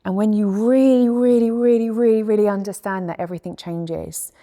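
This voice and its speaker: A woman giving a soothing spiritual talk, speaking softly and slowly and guiding the listener through calming breaths. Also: mid-range voice. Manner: soft, slow and soothing, with a guided breathing passage. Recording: long echoing reverb.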